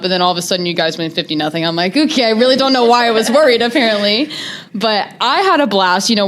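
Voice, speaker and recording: A woman's voice: lowish voice, fairly bright tone. A young woman hosting a casual college sports interview, bubbly and gushing, with lots of "like" fillers. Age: young adult. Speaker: student interview host.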